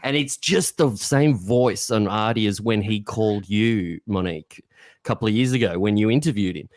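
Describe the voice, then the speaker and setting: A man with a lowish voice talks in a relaxed, casual podcast chat. The sound is dry and close. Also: moderate pace, dry recording. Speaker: podcast co-host.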